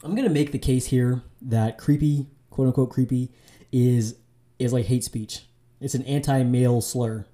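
A man's voice: mid-range voice, fairly even intonation, normal speed, dark tone. A man hosting his own podcast, talking solo in a casual, loose way, with fillers and restarts. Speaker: podcast host.

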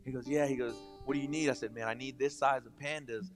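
A man's voice: medium pitch, fast, music in the background. A man in his thirties preaching a casual, jokey sermon with lots of restarts and asides. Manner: chatty, animated, jokey, many restarts. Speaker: pastor. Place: church hall with long reverb. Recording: church hall reverb.

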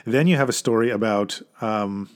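A male pastor preaches in a plain, conversational way, talking to his listeners rather than orating. His voice sits a little low. He stays earnest throughout and presses harder when he reaches a point he wants to land. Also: moderate pace, clean tone. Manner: earnest, informal, emphatic at key points. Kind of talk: conversational sermon.

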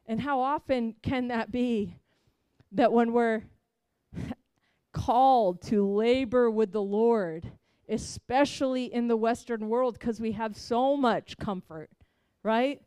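Woman, heartfelt testimony sermon, smooth resonant tone, dry close sound. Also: a little high, slow pace, dark tone, no echo. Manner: earnest, heartfelt storytelling. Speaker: preacher sharing a mission testimony.

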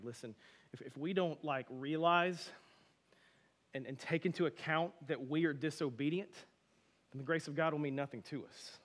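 A man preaching a sermon as a pastor, conversational and animated, with sudden loud emphasis. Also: on the high side, normal speed.

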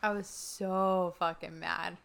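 A woman chats casually, recounting a personal story with candid, animated energy. Her voice is bright and crisp, smooth and clear. She peppers her telling with "like". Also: fairly low pitch, slow. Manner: candid, animated retelling with frequent "like". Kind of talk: casual chat.

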